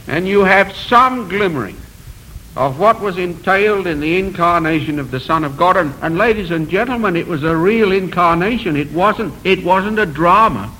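Male preacher, high voice, earnest rhetorical sermon delivery. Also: lively intonation, moderate pace, pushed and bright, a little hiss or hum, rough recording. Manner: earnest, rhetorical, rising emphasis on repeated phrases; self-deprecating asides.

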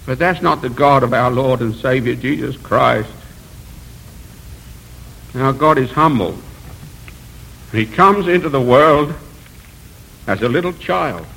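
Guy preaching a sermon, bright tense voice, earnest and building up phrases. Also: medium pitch, slow pace, gravelly, long pauses, husky, rough recording. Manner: earnest, rhetorical, rising emphasis on repeated phrases; self-deprecating asides.

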